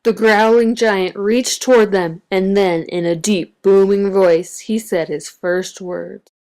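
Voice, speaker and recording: A woman reading a children's picture book aloud with an expressive, varied storytelling delivery. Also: mid-range voice, slow. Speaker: storybook reader.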